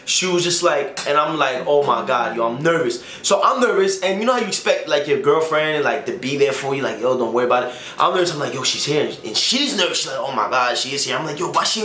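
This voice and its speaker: Animated young man telling a story. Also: on the high side, fast talker, hardly any pauses. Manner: animated, acts out quotes, slangy. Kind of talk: casual storytime. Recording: echoey room with faint noise.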